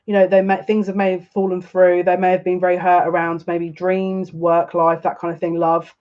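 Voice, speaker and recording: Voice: medium pitch, completely flat delivery, normal speed, dull audio. A psychic tarot reader giving a live reading, chatty and rambling, who laughs often and repeats phrases.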